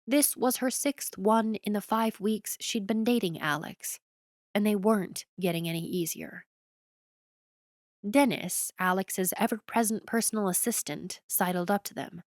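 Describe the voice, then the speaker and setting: A woman narrating a romance audiobook in an even storytelling delivery, recorded close to the mic. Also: medium pitch, a little slow, no room sound.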